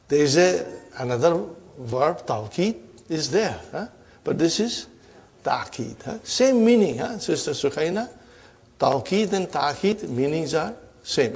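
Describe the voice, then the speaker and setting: A man's voice: on the high side, breathy edge. A man teaching a classroom grammar lesson. He explains term by term, drills students with repeated questions and keeps checking with "huh?" and "are you with me?".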